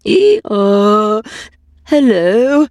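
A woman's voice: medium pitch, sing-song, extremely slow, a little mellow, dry recording, clean studio sound. A woman voicing a friendly old male donkey in a fairy tale reading.

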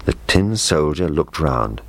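A man reading a children's fairy tale aloud in a gentle, measured way. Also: very deep voice, sing-song. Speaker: storyteller. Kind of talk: scripted narration.

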